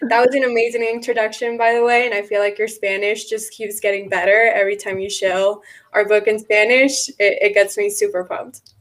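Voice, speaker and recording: A woman's voice: mid-range voice, little pitch movement, a little fast, a bit bright, low-quality recording. A woman guest chatting playfully on a podcast. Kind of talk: casual chat.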